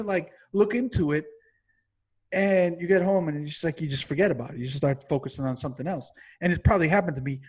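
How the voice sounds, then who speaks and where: Man, husky voice, slightly high, profane comedic rant, exasperated, podcast co-host. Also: brisk. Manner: exasperated, swears constantly, builds to yelling.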